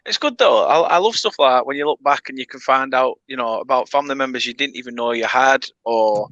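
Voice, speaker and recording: Host guy, bright sharp voice, animated casual chat, laughs easy. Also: mid-range voice, quick pace, no echo, highs cut off.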